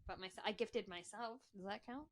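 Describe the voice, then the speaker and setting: A woman's voice: mid-range voice, moderate pace, dry recording. A woman with a Maine accent, co-hosting a podcast, telling stories in a chatty way with giggly asides. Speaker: podcast co-host. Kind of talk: casual chat.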